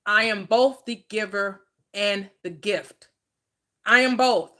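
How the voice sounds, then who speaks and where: A woman's voice: medium pitch, slow pace. A woman hosting a casual talk about money and receiving, speaking with animation and acting out little scenes. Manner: animated, plays out scenes aloud with exclamations. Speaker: host. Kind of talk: casual chat.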